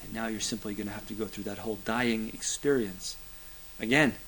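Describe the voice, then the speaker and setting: A man preaching a sermon, building to loud emphatic peaks, then dropping to hushed, low lines, with a repetitive preaching cadence and occasional fillers. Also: steady tone, fairly quick, a little hiss or hum, rough recording. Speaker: pastor.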